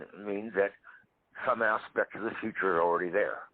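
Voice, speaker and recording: A man in his seventies, a parapsychologist guest, telling stories in a lively way in a live interview. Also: on the low side, a little fast, no room sound. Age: 70s. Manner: animated storyteller. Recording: tinny phone-line audio.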